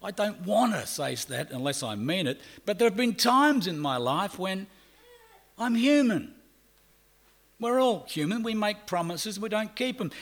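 An Australian man preaching with a voice pitched a little high that climbs and drops all the time. He stretches out key words, then lowers his voice for quick confiding asides. His delivery is animated and conversational. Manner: animated, swinging between loud emphasis and quiet asides; acts out quoted people in brief voices. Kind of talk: sermon.

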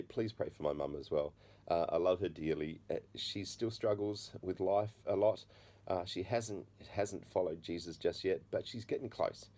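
A middle-aged man preaching, telling his own story in an earnest, halting way. His voice sits low and sounds warm and soft. He stops and restarts often, with plenty of fillers. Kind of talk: testimony sermon.

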